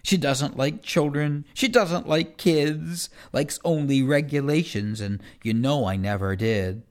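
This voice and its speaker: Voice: medium pitch, a little slow. A reader performing rhyming children's poems in a first-person kid's voice, with a playful sing-song delivery.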